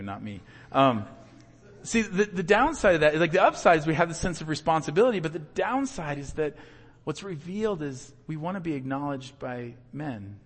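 A pastor with a slightly high, fairly bright voice preaches a sermon conversationally, acting out the voices of the people he quotes. The recording has a big-room sound.

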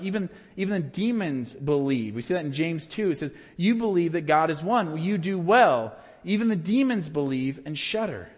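A man delivers a sermon with a somewhat high-pitched voice. He swings between loud, emphatic peaks and hushed, quiet questions. His voice rings out with a long reverb, as if in a large hall. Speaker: pastor.

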